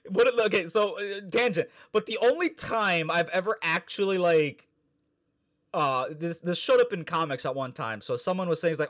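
A man's voice: high voice, normal speed, fairly bright tone. A man co-hosting a podcast in casual chat, rambling and swearing, laughing often. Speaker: podcast co-host.

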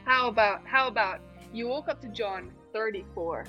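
A woman's voice: fairly high pitch, soft background music. Playful woman on a muffled podcast mic. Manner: playful, animated storytelling with quick restarts. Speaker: podcast co-host. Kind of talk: casual podcast chat.

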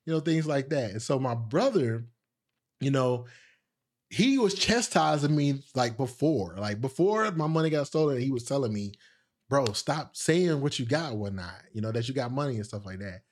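A young male podcast host with a very animated, slightly mellow voice tells a casual story at normal speed. He rambles, packs in fillers and laughs at himself, and he pitches his voice higher to act out the people he quotes.

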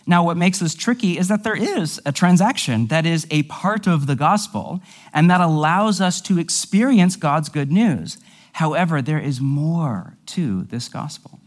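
A man's voice: fairly high pitch, expressive, unhurried. A male pastor teaching a sermon in a conversational, explanatory way, with casual asides.

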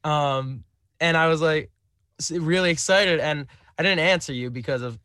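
A man's voice: a little high, moderate pace, sharp tone, no room sound, clean studio sound. A young man who streams, a guest on a podcast, speaking hesitantly with many restarts and fillers. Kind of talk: casual interview chat.

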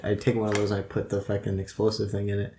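A man's voice: lowish voice, monotone, rapid-fire, background noise. A man playing a tabletop game in a blunt, swearing, exasperated way. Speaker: player. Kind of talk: casual tabletop play. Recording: echoey room.

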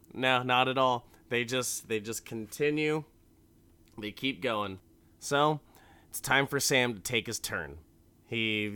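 A man's voice: mid-range voice, pushed and bright, clear, resonant tone, dry recording. A man casually recapping a film in a rambling, profane way with many restarts.

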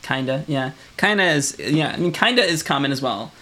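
A man's voice: medium pitch, animated, a little fast, sharp tone. Michigan man explaining things. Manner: explanatory, many fillers like "right?". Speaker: podcast co-host. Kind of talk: casual chat.

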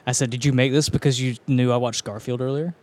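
A young man co-hosting a podcast in relaxed, casual chat. He jokes in a wry, offhand way, and his voice sits at an everyday middle pitch. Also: fast. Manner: laid-back, wry and joking. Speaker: podcast co-host.

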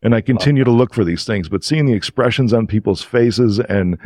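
A man, a podcast guest, telling a story in an animated, emotional, casual way. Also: mid-range voice, a little fast, dry recording.

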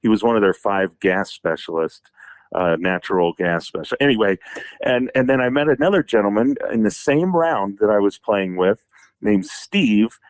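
Low-voiced man telling rambling golf stories. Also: moderate pace, dry recording. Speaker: radio show co-host. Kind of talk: casual golf chat.

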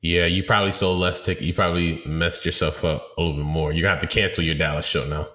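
A man's voice: low voice, flat delivery, fast, a bit bright. A man co-hosting a casual talk show, giving dry, short replies. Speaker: co-host. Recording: roomy echo.

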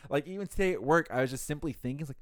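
A man chatting casually with friends, rambling and swearing, with loud laughs. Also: on the high side, rapid-fire, no echo, clean studio sound. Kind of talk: casual chat among friends.

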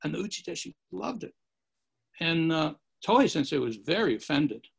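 A man's voice: a little high, big pitch swings, normal speed, creaky, husky. A man telling rambling martial arts anecdotes in a casual chat, acting out the quotes. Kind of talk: casual storytelling.

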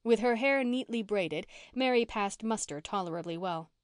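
A woman reading a classic novel aloud as an audiobook narrator, in an even, measured way. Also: medium pitch, clean tone, no room sound, studio quality. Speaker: audiobook reader. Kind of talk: scripted narration.

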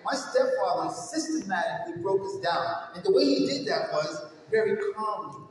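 A man from New York delivering an energetic motivational keynote speech, telling his life story and addressing the audience directly. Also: high-pitched, moderate pace. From New York, USA. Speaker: keynote speaker. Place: large hall with stage. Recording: echoey hall, far from mic, faint noise.

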